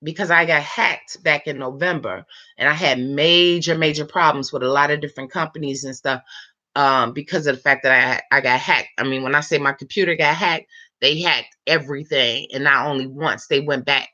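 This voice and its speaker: A woman of about fifty chatting late at night, telling a long story time in an animated, rambling way with lots of fillers. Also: low voice, moderate pace, muffled recording. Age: 50s. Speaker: vlogger.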